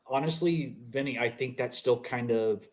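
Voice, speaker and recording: A man's voice: medium pitch, normal speed. Hedging man on a casual podcast. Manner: hedging, thinks aloud. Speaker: podcast co-host. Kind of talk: casual chat.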